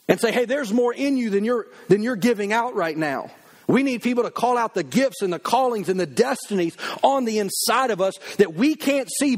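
A middle-aged man preaching with emphatic energy, his voice sitting a little high for a man. He slips into lively quoted voices as he tells stories to the congregation. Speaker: pastor. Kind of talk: sermon.

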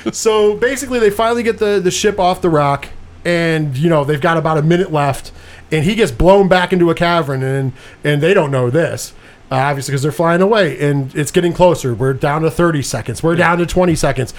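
A man co-hosting a podcast, casually retelling a film's plot with lively quoted lines and swearing. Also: fairly high pitch, fairly quick. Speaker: podcast co-host. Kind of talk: casual movie review chat.

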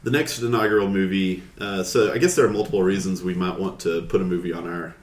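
A man's voice: sits low, fast, reverberant. A man co-hosting a casual podcast, with a dry joking manner. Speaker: podcast co-host. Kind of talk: casual chat.

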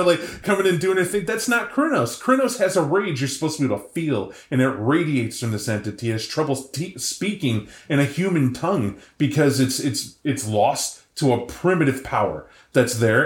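A man talking casually and at length about tabletop role-playing lore, rambling and animated. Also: a little high, brisk. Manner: animated, rambling, acts out voices. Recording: echoey room.

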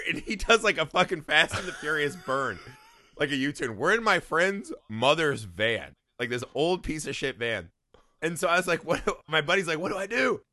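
A man from Indiana spins a wild story in casual podcast talk, swearing freely and laughing along. His voice is bright and forward, and the recording is dry and close. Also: fairly high pitch, no echo. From Indiana, USA. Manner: profane, animated storytelling with frequent laughs. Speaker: podcast co-host. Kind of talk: casual chat.

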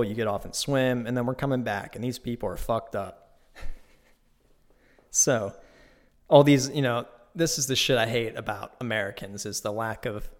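A man hosting his own podcast, telling a trip story in a casual, profane, animated way from a new, unfurnished home studio. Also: medium pitch. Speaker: podcast host. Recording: echoey bare room.

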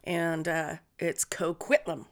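A woman's voice: low voice, fairly even intonation, takes it slowly. Blunt, swearing woman telling stories. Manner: profane, blunt storyteller. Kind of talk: casual storytelling chat.

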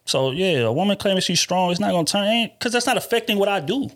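A man's voice: high voice, expressive, fast talker. A man hosting a podcast, talking about dating in an emphatic, profane, casual way. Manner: emphatic, profane, talks over others. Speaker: podcast host.

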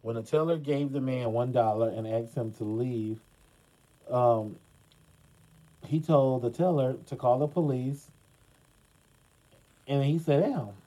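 A man's voice: medium pitch, takes it slowly, long pauses, mellow, poor audio. A man hosting casual gossip commentary, chatty and dramatic, talking straight to his viewers with lots of fillers. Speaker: commentary host.

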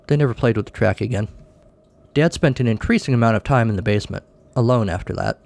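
A man's voice: lowish voice, fast talker, gravelly, a little mellow. A man hosting a podcast, reading a short story aloud and closing the show with offhand, dry remarks. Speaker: podcast host.

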